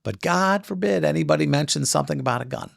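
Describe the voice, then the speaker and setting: A middle-aged man co-hosting a casual talk show, telling stories with animated delivery and mimicking other people. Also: on the high side, quick pace, vocal fry, no room sound, clean studio sound. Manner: animated storytelling, mimics others in raised voices. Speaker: co-host. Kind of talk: casual chat.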